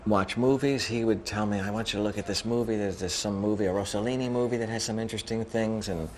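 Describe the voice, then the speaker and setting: A man's voice: on the low side, fairly even intonation, fast talker, a little mellow, a little hiss or hum. A man, a cinematographer, chatting loosely in a documentary interview, telling stories with fillers.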